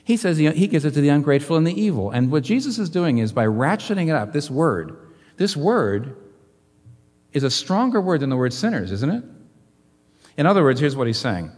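Animated preacher in a reverberant hall. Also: male voice, normal speed, pauses often, husky. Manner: animated preaching, rhetorical questions, wide swings in pitch and volume. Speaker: pastor. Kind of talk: sermon.

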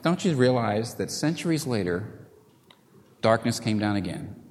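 A man preaches with dramatic force, his voice swinging widely in pitch. He pushes up into loud, urgent questions, then sinks to hushed near-whispers. The sound carries a long reverb, like a large hall. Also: sing-song, moderate pace. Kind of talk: sermon.

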